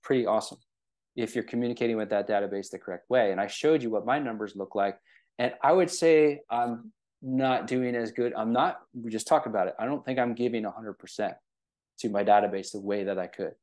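This man's voice is lowish, a little fast and a little mellow as he casually leads a real estate training. He often checks in with listeners, sprinkling in fillers and rhetorical "right?".

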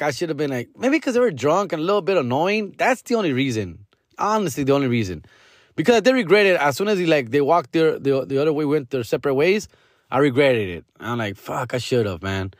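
A man's voice: fairly high pitch, very animated, fast, no echo, studio quality. A male comedian tells a casual story on his podcast, full of swearing, slang and Spanish words.

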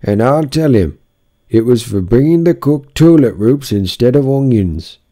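A man's voice: medium pitch, lively intonation, a little slow, warm tone, pitched above the performer's own voice, natural voice. A man reading an audiobook, voicing a sulky, tattling male card gardener.

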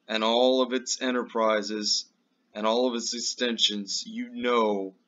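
A man's voice: mid-range voice, a bit bright. A man hosting his own show, ranting emphatically with lots of profanity in a political commentary. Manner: slow and drawn out. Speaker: show host. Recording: dull lo-fi recording.

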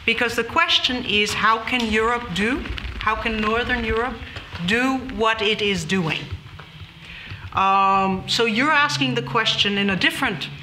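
A woman's voice: a little high, a little slow. A woman moderating a panel debate, firmly steering the discussion back on track. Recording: echoey hall with faint noise.

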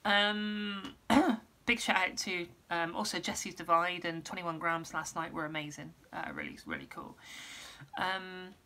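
In a casual vlog update, a woman musician rambles with plenty of ums and restarts while losing her voice and clearing her throat. She has a lowish pitch and sounds animated, pushed and bright, speaking at a measured pace.

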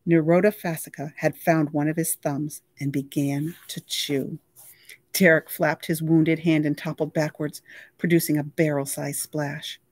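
A library reader reading a novel aloud with lively, expressive storytelling. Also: medium pitch, measured pace, no room sound, clean studio sound.

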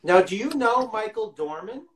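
A man's voice: high voice, animated, normal speed, fairly bright tone. Guy cohosting a live video chat, kinda rambly, echoey room on the call. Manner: rambling, restarts his sentences. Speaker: co-host. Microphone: video call on a phone or laptop. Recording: roomy echo on a video call.

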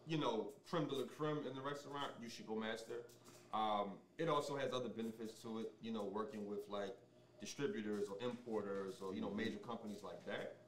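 A man speaking as a sommelier guest in a casual interview, explaining things in a relaxed way with many ums and restarts. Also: mid-range voice, roomy sound, far from the mic, slight background noise.

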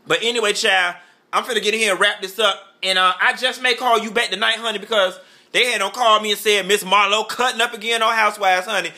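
A man with a high voice and a sharp, piercing edge delivers campy celebrity gossip commentary. He talks in a sassy, drawling way, full of "honey" and "child," and throws shade at the people he is talking about. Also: steady tone, quick pace.

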